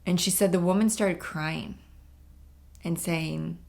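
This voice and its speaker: A middle-aged woman talks through her own podcast in an earnest, emphatic way, often turning to her listeners directly. Her voice sits low, with a gravelly fry running through it. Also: steady tone, takes it slowly, a little mellow. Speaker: podcast host. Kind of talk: impromptu solo podcast talk.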